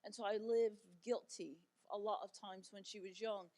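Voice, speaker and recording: A middle-aged woman giving a talk as a guest speaker, telling personal stories in a conversational, animated way with frequent fillers. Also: medium pitch, normal speed. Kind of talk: personal storytelling talk to an audience. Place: church event.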